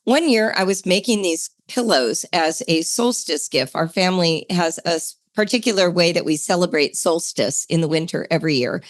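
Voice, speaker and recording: A woman's voice: normal speed, few pauses. Chatty, enthusiastic woman podcast host. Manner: enthusiastic, chatty, jumps to a bright higher pitch for emphasis. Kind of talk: podcast talk on homeschooling.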